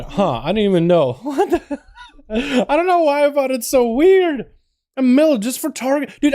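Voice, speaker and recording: High-voiced excitable young streamer man. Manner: excitable, slangy, greets chat constantly. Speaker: streamer hosting game duels. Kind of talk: casual livestream chat.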